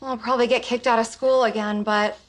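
An actress playing a spacey, carefree young intern in a sitcom. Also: female voice, on the high side, fairly even intonation, a little fast, lightly acted, low-quality recording. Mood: airy. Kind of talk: sitcom acting.

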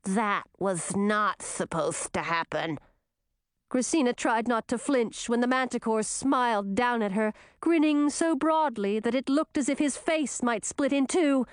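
Woman reading a kids fantasy story, a bit high, dry close mic. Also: normal speed, hardly any pauses, clean tone, dry recording. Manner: expressive, dramatic storytelling. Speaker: narrator. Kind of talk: audiobook narration.

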